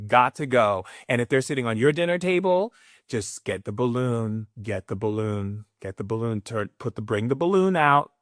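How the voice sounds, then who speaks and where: A man's voice: medium pitch, a bit bright, dry recording, studio quality. A man giving a live spiritual talk in a sassy, emphatic way, with playful asides. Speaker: spiritual teacher.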